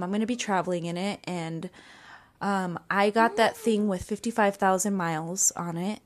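Young woman rambling on her podcast, kinda goofy and overthinking out loud. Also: medium pitch. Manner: rambling, self-conscious, goofy. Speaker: podcast host. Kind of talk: casual podcast chat.

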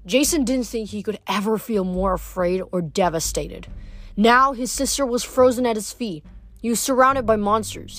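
A woman summarizing and then reading a novel aloud, with frequent restarts and self-corrections. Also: medium pitch. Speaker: book reader.

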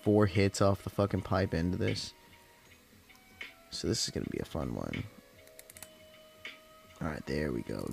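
Deep and marked by vocal fry, this man's voice belongs to a podcast host from the California desert. He's tired after work and tells casual stories loosely, with lots of swearing, rambling, and "like."

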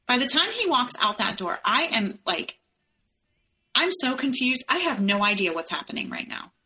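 A woman's voice: on the high side, big pitch swings, normal speed, bright, forceful tone, poor audio. A woman, a podcast guest, telling a personal story step by step in the present tense.

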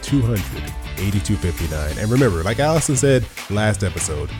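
A man's voice: on the low side, sing-song, brisk, music in the background. A man hosting a podcast in casual chat, laid-back and teasing, laughing often. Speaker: podcast host.

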